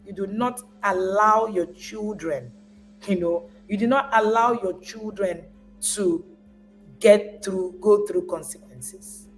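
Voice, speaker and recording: Speaking slowly in a mid-range voice, this woman delivers a live parenting-coach talk over faint background music, and the audio is poor. She stresses points by repeating words and phrases, acting out parents along the way.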